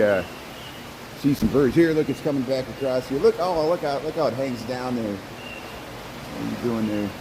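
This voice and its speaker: A man's voice: mid-range voice, noisy background. A man narrating a casual walking tour inside a zoo birdhouse, chatting to the birds and often repeating and trailing off his words. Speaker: vlogger.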